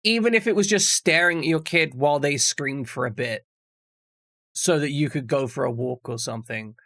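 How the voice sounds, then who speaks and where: Male streamer, fairly high gravelly voice, dry close mic, rambling jokey chat. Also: normal speed, a bit bright, dry recording. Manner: rambling, jokey, swears freely. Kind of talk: casual chat with stream viewers.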